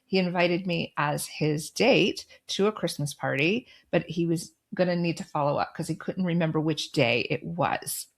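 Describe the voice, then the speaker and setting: A middle-aged woman hosting a podcast, telling a personal story and giving advice in a calm, firm, direct way. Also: deep voice, moderate pace, creaky, hardly any pauses. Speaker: podcast host.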